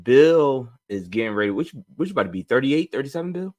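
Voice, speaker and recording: A man co-hosting a podcast in lively, joking casual chat. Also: mid-range voice, brisk, dry recording. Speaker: podcast co-host.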